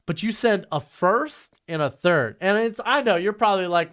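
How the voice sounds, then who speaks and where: Man, casual stream commentary, animated pitch, crisp voice, blunt and joking. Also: moderate pace, hardly any pauses. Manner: blunt, joking, scolds bad trades. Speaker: streamer hosting a mock draft.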